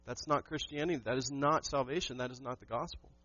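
A man's voice: mid-range voice, fairly even intonation, fast talker, bright, forceful tone, no room sound, lo-fi sound. A man preaching a sermon to his church, emphatic and asking the congregation questions. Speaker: pastor.

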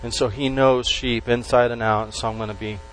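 Man, pastor, sermon, emphatic stresses, trailing phrase endings, mid-pitched voice, faint mains hum. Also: level tone, low-quality recording. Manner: emphatic, with slow stressed words and dropped endings.

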